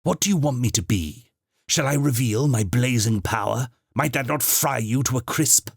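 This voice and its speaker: A man's voice: mid-range voice, big pitch swings, normal speed, husky, no room sound, clean studio sound, voice pushed up. A man reading an audiobook, voicing the Doctor, a male alien time traveller who speaks with rising passion. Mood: impassioned. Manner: impassioned, rising to declamation.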